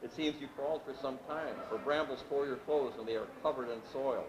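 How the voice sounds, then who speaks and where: A man's voice: mid-range voice, natural voice. Serious young peasant guy, asks careful questions, read by a man, echoey noisy room. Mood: measured. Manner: measured, plain-spoken. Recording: echoey room with background noise.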